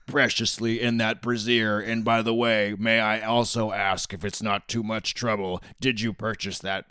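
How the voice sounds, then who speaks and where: A man's voice: lowish voice, flat delivery, moderate pace, pushed and bright, clean tone, dry recording, clean studio sound, voice pushed down. A man putting on the voice of a stiffly polite, formal straight man as a comedy bit on a podcast. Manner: formal, stilted, fussy courtesy.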